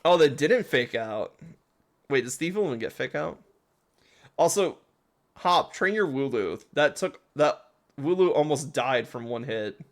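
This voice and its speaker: A man's voice: mid-range voice, expressive, measured pace. A man giving casual, rambling commentary while playing a game, often laughing.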